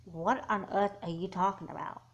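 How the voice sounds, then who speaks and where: A woman voicing a calm, blunt teenage girl in a doll movie, asking pointed questions in a level way. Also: mid-range voice, normal speed, muffled recording, natural voice. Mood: probing.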